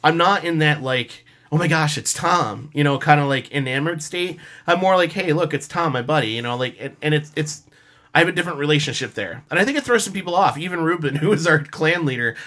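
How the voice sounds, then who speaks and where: A man on a casual podcast chat, telling animated stories full of fillers and laughs. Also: fairly high pitch, fast. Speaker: podcast co-host, costumer.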